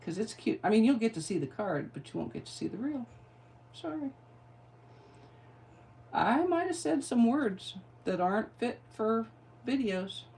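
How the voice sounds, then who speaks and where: A woman's voice: fairly high pitch, big pitch swings, measured pace, creaky, long pauses, a little mellow. A middle-aged woman giving a card-making tutorial, chatty and playful, with rambling asides. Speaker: craft demonstrator.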